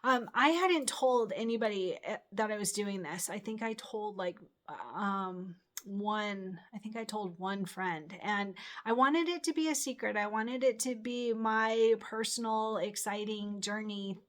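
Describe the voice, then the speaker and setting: A woman's voice: medium pitch, unhurried. Chatty middle-aged woman telling a story. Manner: rambling, chatty, many fillers and restarts. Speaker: channel host. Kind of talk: casual storytelling.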